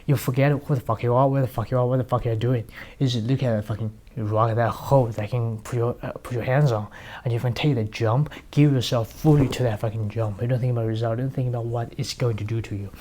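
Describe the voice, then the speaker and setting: A man's voice: medium pitch, steady tone, fast, a little mellow, a little hiss or hum. A man giving a casual motivational monologue, talking bluntly with heavy swearing and acting out little scenes. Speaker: speaker.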